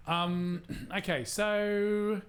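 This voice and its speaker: A man's voice: high-pitched, level tone, extremely slow, a bit bright. A man from Cornwall hosting a live community radio show from a skate shop, chatting casually in a jokey, self-deprecating way.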